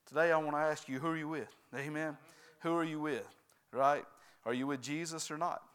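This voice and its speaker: Preacher with a smooth voice. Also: male voice, fairly high pitch, fairly even intonation, fairly quick, fairly bright tone. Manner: repeats "right?" and "amen?" to the congregation. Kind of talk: sermon.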